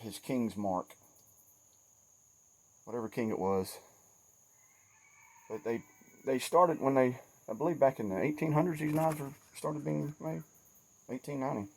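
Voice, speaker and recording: A man's voice: medium pitch, gravelly, husky. Folksy Southern man chatting outdoors. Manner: folksy, chatty, self-deprecating. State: sweaty and shaky after yard work. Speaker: outdoors vlogger. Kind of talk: casual outdoor vlog. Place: outdoors by a trail in woods. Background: insects and crickets.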